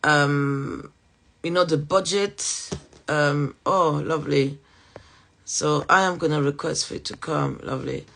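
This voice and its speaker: A woman with a French accent hosts a live-streamed podcast. She is a teacher and speaks casually, with many fillers and quick apologies, in a chatty interview manner. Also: low-pitched, steady tone, creaky, fairly bright tone, slight background noise.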